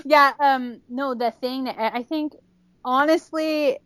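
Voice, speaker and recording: A woman chats on a podcast, giggling as she rattles through stories and acts out little quotes. Her voice sits a bit high, and the sound is dry and close. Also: a bit bright, smooth, dry recording. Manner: giggly, fast storytelling with acted-out quotes. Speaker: guest. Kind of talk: casual podcast chat.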